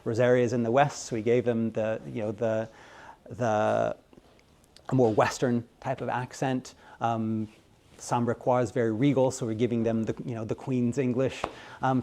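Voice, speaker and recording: An American man talking through interview answers at an ordinary pitch. He rambles along with plenty of ums and likes, and keeps his delivery lively. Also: measured pace. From United States. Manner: rambling, filler-heavy, animated. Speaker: game localization director.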